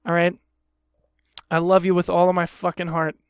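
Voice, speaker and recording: A man's voice: sits high, completely flat delivery, normal speed, smooth, no echo, studio quality. A man hosting a podcast, ranting heatedly in a casual, profane way and repeating himself. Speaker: podcast host.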